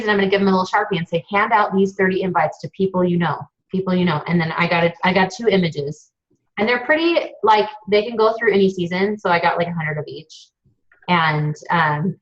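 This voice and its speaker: A woman's voice: lowish voice, brisk, highs cut off. A woman hosting a webinar in a casual, chatty, gushing way. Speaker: webinar host.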